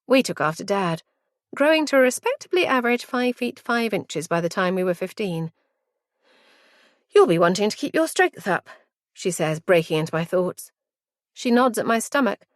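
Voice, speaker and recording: A woman narrating a story in the first person, reflective and measured. Her voice is recorded very dry and close, with no room sound at all. Mid-pitched and steady. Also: no echo. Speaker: audiobook narrator.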